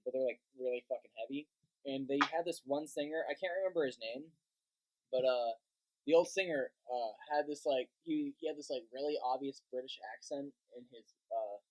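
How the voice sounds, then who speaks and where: A man's voice: mid-range voice, a little mellow, rough recording. A young man co-hosting a casual podcast chat, rambling and swearing often. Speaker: podcast co-host.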